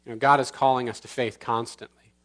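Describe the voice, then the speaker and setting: A man pastor preaching a sermon in church, earnest with slow emphatic pauses, then leading the congregation in prayer. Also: mid-range voice, level tone, fairly bright tone. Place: church sanctuary.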